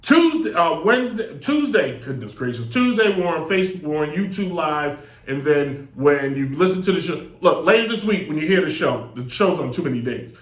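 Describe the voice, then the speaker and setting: A man's voice: on the high side, animated, normal speed, hardly any pauses. A man hosting a live sports talk show, rambling and joking with lots of digressions into a desk mic. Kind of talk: casual live show monologue. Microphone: desk mic on a stand. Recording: echoey room.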